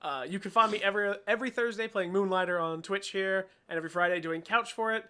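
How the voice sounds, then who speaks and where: Young adult male co-host, high pitched voice, loose chatty delivery with swearing. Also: fast talker, sharp tone, clean tone. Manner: casual, swears freely, laughs often. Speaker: podcast co-host. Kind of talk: casual chat.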